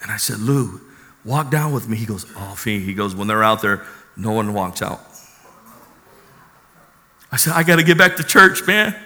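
A man's voice: fairly low pitch, animated, moderate pace, long pauses, bright, forceful tone. A man preaching a fervent sermon and telling his testimony, calling out hallelujah. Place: church hall. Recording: echoey hall.

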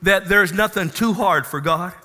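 A man's voice: high-pitched, normal speed, bright, forceful tone, big-room sound. A man preaching a sermon to his congregation, calling for amens and acting out Bible figures. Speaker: pastor. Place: church.

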